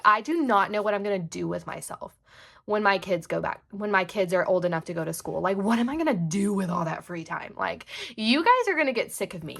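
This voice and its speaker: A young woman talking to camera from her desk at home in a loose, chatty vlog. Her speech rambles, dotted with "like" and quick asides. Her pitch sits at a typical middle for a woman. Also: vocal fry, fairly bright tone. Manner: rambling, filler-heavy with frequent "like". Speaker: planner vlogger and mom.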